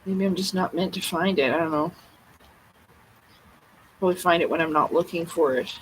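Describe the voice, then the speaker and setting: A livestream host mutters to herself in a flustered way while hunting through a book, thinking aloud without a script. Her voice is fairly low at a moderate pace, and the rough recording carries slight background noise.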